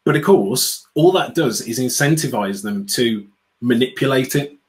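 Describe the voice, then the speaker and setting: A man's voice: medium pitch, expressive, normal speed, low-quality recording. Outspoken British man, sarcastic. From United Kingdom. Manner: sarcastic, outspoken, acts out quotes. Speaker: guest, customer experience speaker. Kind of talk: animated interview chat.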